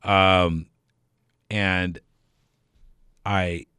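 A middle-aged man with a very low voice tells a casual, meandering story for a radio audience. He backtracks, restarts his sentences and chuckles along the way. His voice sounds dry and close, with no room around it. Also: flat delivery, very slow, bright, forceful tone, clean tone, no echo. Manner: rambling, self-correcting, chuckles while telling.

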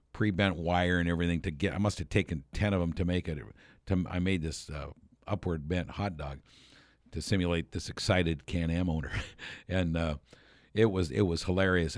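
Deep-voiced man telling a rambling story. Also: no echo, studio quality. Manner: rambling, chuckling, many fillers and restarts. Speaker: radio show host. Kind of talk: casual storytelling.

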